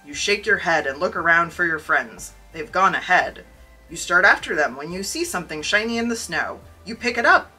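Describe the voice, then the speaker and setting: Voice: mid-range voice, lively intonation, moderate pace, pushed and bright, breathy edge, soft background music, low-quality recording. A podcast co-host reading a choose-your-own-adventure story aloud, with wry, jokey asides. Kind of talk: casual chat and reading aloud.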